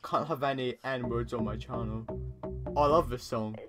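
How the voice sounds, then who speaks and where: A man's voice: medium pitch, fairly even intonation, normal speed, music in the background. Stammering teenage guy reacting to clips. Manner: stammering, repeats words, laughs often. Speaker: reaction video host. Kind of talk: casual reaction commentary.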